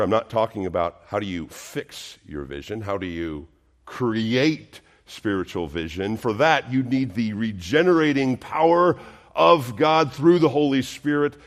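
This pastor preaches a sermon slowly and earnestly in a mid-range male voice. His delivery is emphatic, and he leans on rhetorical questions.

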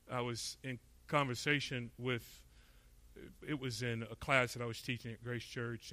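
A man's voice: mid-range voice, sharp tone, dry recording. Middle-aged male preacher from Florida, emphatic and questioning, dry close sound. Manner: emphatic, asks rhetorical questions, voices imagined speakers. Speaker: pastor. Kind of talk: expository sermon.

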